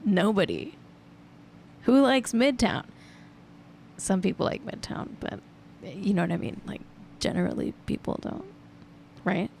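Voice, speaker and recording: A woman's voice: medium pitch, very animated, measured pace, vocal fry, long pauses, darkish tone, slight background noise. Chatty woman hosting a gossip show. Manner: chatty and amused, heavy use of "like". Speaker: podcast host. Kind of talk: casual celebrity gossip chat.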